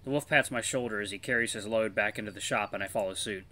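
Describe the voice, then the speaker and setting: A man hosting a let's play, reading a visual novel aloud in a chatty, animated way. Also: fairly low pitch. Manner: animated, chatty, quick laughs.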